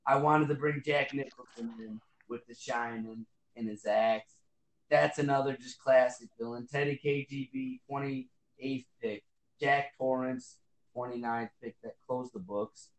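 A man's voice: mid-range voice, fairly even intonation, unhurried, echoey room, rough recording. A man co-hosting a casual podcast, rambling with lots of fillers and swearing. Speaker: podcast co-host. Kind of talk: casual chat.

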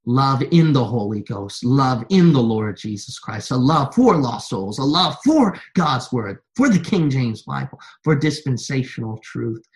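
A man's voice: medium pitch, sing-song, unhurried, few pauses. Man preaching with rising intensity. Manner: repetitive preaching refrains, building to forceful exhortation. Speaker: pastor. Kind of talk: sermon.

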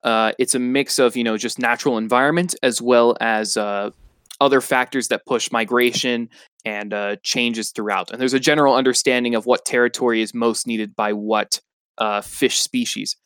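A man voicing a learned old snailfish who explains things in a measured way with many pauses. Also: mid-range voice, steady tone, fairly bright tone, clean tone, no echo, lightly acted. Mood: lecturing. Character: learned old male snailfish, knowledgeable and calm. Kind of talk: comedy podcast role-play.

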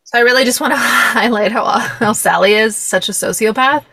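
A woman's voice: a little high, moderate pace, pushed and bright, breathy edge, dry recording. Chatty young woman host, dry sound. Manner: chatty, laughing, many fillers. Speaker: podcast host. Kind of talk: casual chat about a film.

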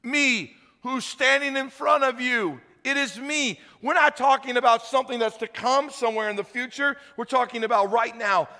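A man preaching a sermon as pastor, telling the story with acted voices, loud shouted peaks and hushed appeals. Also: very high voice, normal speed, few pauses, big-room sound. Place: church hall.

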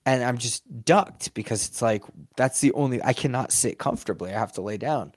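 This sports mascot performer has a mid-range, fairly quick voice, recorded at studio quality with no echo. Chatting in a casual interview, he tells animated stories, laughs often and plays out what people said.

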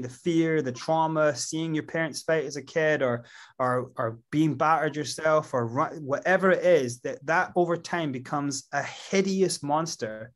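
A man as an interview guest, reflecting and explaining at length. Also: fairly high pitch. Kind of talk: casual interview chat.

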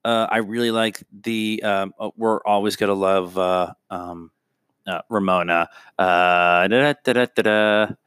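A man's voice: deep voice, fairly even intonation, a little slow, fairly bright tone, clear, resonant tone, dry recording. A man co-hosting a podcast, talking through his opinions in a rambling way, with lots of filler sounds and restarts. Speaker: podcast co-host. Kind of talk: casual chat.

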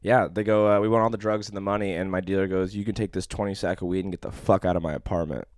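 A man's voice: sits low, fairly even intonation, fast, darkish tone, dry recording, clean studio sound. A young man telling a long personal story in casual chat, profane and rambling, full of fillers.

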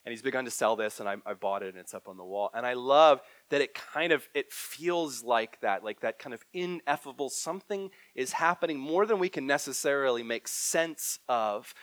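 Guy preaching in a church, gets loud then drops way quiet, dry close mic. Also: medium pitch, no room sound. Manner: animated, swings from loud emphatic to hushed. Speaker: pastor. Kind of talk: sermon. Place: church hall.

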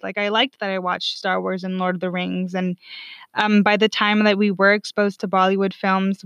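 A woman's voice: mid-range voice, fairly bright tone. A young woman shares a personal story in a blunt, casual way, dropping curse words and filling gaps with "like." The recording is dull and lo-fi, with a dry, close sound and no room echo. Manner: frank, profane, heavy on "like" fillers.

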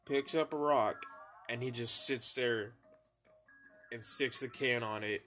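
A man's voice: mid-range voice, takes it slowly, pushed and bright. A young man telling rambling, profane stories in a casual monologue, laughing and mimicking his friends. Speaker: podcast host telling stories. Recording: faint music bed behind.

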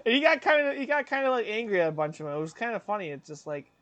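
A man's voice: high voice, very animated, fairly bright tone, muffled recording. A young man co-hosting a podcast, chatting casually and rambling with lots of fillers and restarts. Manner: rambling, full of "like" and restarts, breaks into quick voice impressions. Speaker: podcast co-host. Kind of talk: casual chat.

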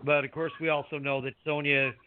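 A man hosting a wrestling podcast, chatting casually in a halting, rambling way with many fillers. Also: on the high side, level tone, a little hiss or hum. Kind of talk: casual chat. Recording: dry tinny phone-like sound.

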